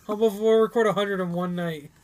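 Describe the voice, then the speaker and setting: A man co-hosting a podcast in casual chat, halting and full of fillers as he works out his thoughts. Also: sits high, fairly even intonation. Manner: halting, with many fillers and restarts. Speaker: podcast co-host.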